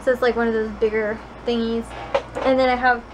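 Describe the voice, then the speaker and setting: A woman's voice: a little high, flat delivery, brisk, background noise. A young woman in her late teens from the Chicago suburbs, chatting casually to her vlog audience, rambling with lots of fillers and giggles. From Chicago suburbs, USA. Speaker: vlogger.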